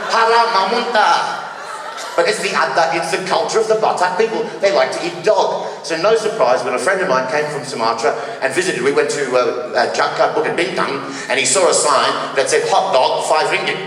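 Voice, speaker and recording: A man doing a stand-up comedy routine at a live charity concert, telling deadpan stories and mimicking local speakers. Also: fairly high pitch, a little fast, few pauses, slight background noise. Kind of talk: stand-up routine with put-on accents. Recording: echoey hall, distant mic.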